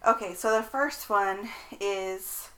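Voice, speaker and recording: A woman's voice: mid-range voice, slow pace, sharp tone, poor audio. A young woman co-hosting a casual chat podcast, laughing often between her lines. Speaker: podcast co-host.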